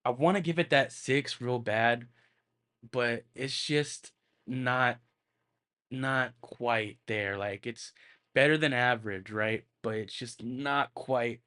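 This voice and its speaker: A man's voice: mid-range voice, slow pace, bright, forceful tone. A man talks through a film review on his own podcast in a loose, casual way. He rambles, circles back with plenty of filler words, and swears freely as he goes. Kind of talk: casual solo movie review.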